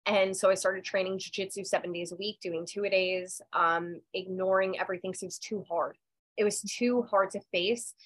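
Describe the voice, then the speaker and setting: A woman's voice: mid-range voice, steady tone, moderate pace, a bit bright, poor audio. A woman, a podcast guest, telling her personal story candidly and emphatically, swearing freely. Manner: raw and emotional, voice dropping and rising. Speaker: podcast guest, medium and intuitive.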